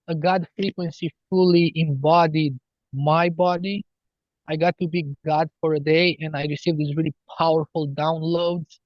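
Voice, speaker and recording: A man talking as a healer guest on a podcast, slow and earnest as he explains spiritual ideas. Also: a little high, no echo, lo-fi sound. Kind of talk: podcast interview.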